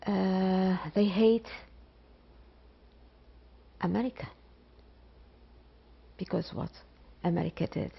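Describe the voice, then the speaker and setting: Gravelly-voiced woman, halting. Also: medium pitch, steady tone. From Iraq. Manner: slow, halting, with pauses and repetitions. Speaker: biology professor. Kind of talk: interview testimony. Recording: dull lo-fi interview recording.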